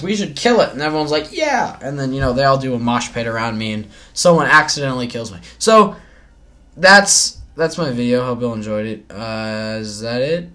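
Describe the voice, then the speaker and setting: Bright-voiced playful man commentating gameplay. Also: on the high side. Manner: playful, chatty, talks to himself and to opponents. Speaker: mobile game channel host.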